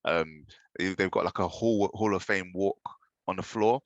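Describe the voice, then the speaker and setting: A man chatting as a podcast guest about football, halting and full of fillers. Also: low voice, dry recording, muffled recording. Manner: hesitant, many fillers. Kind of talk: casual chat.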